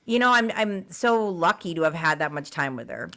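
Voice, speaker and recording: A woman's voice: lowish voice, lively intonation, moderate pace, sharp tone. A woman co-hosting a podcast, chatting in a rambling way about her grandparents. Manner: chatty, rambling with many fillers and restarts. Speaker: podcast co-host. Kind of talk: casual chat.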